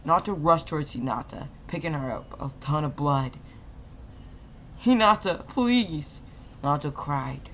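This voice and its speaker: A man's voice: on the high side, steady tone, brisk, hardly any pauses, fairly bright tone, a little hiss or hum. A man casually narrating a fan-made anime story, stumbling and repeating words as he goes.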